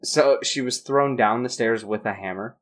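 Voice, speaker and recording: Very deep-voiced wry woman co-host. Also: normal speed. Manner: wry reactions and joking asides. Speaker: podcast co-host reacting. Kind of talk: casual true-crime podcast chat.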